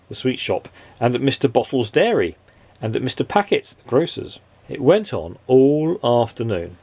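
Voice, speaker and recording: A man reading a children's storybook aloud in a playful, expressive way, asking the listener questions. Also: mid-range voice, creaky, breathy edge.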